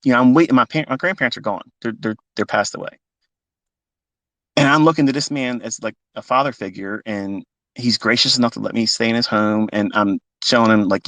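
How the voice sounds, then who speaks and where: A man's voice: medium pitch, a little fast, fairly bright tone, dry recording. A fifty-year-old man, a trading mentor, speaking off the cuff in a live audio talk, emotional and blunt and swearing freely. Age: 50s.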